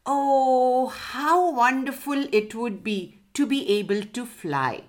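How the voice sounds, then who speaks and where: A woman voicing a gentle young male pig in a children's story, longing and hopeful. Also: a little high, big pitch swings, slow, pitched above the performer's own voice, full character voice. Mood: wistful. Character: wistful young male pig dreaming of flying.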